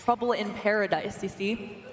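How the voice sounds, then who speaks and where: A woman's voice: medium pitch, normal speed. A woman interviewing guests at an award show, delivering scripted banter with odd emphasis on words. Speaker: red carpet interviewer.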